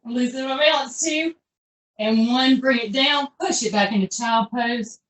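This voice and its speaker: A woman's voice: on the high side, normal speed, fairly bright tone. Upbeat woman coaching a workout. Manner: upbeat, chatty, encouraging coaching with folksy phrases. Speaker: fitness instructor. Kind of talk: live online workout class cueing. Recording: echoey room, voice from far off.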